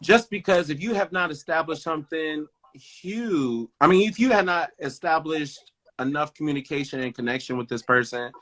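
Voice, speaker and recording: A man's voice: a little high, moderate pace, a bit bright. A man co-hosting a podcast in casual chat, talking emphatically and often checking in with "you know what I mean". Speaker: podcast co-host.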